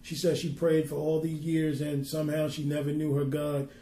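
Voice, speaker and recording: A man who works as a minister, telling a faith story earnestly and reading scripture slowly and with weight. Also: fairly high pitch, completely flat delivery, mellow, reverberant. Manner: tells a story earnestly, then reads scripture slowly and emphatically. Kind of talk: preaching and storytelling on a podcast.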